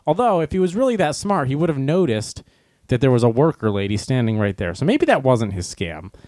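A man's voice: mid-range voice, sing-song, brisk, darkish tone, no echo, studio quality. A man on a livestream chatting casually to his viewers, rambling through a story, correcting himself and acting out the people in it. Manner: acts out quoted voices.

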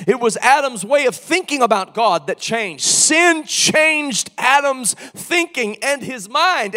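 A male preacher giving an impassioned sermon, moving from quiet storytelling to shouted proclamation. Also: extremely high pitch, big-room sound.

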